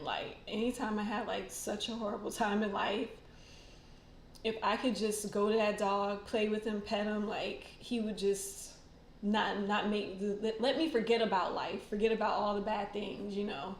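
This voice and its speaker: A woman's voice: medium pitch, reverberant, slight background noise. A woman hosting a casual livestream, chatting. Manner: chatty, rambling, many fillers and laughs. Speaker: tarot channel host.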